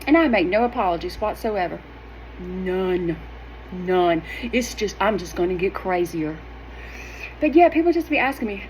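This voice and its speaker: A woman's voice: medium pitch, a little slow, slight background noise, low-quality recording. Sassy middle-aged woman vlogging. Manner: sassy, animated, emphatic. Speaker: wellness vlogger. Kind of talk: casual direct-to-camera talk.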